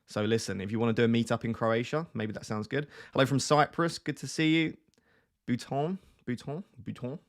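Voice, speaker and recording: A chatty man streams from a small room at home, sitting close to his webcam. His voice sits at an ordinary middle pitch, and he talks in an easygoing way while he greets viewers one by one. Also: fast talker, few pauses. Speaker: fantasy football streamer. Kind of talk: casual live stream chat. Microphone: webcam close on face.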